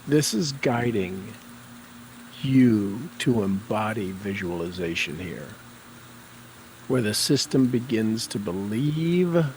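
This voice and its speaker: A man guiding a tapping session, speaking affirmations slowly and deliberately for the listener to repeat. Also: fairly low pitch, a little hiss or hum, rough recording. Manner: slow, deliberate, coaching tone.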